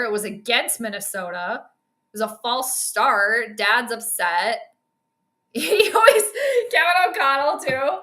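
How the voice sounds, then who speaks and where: Woman, sports stream host, casual watch-along commentary, chatty joking asides, bright voice, echoey room. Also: fairly high pitch.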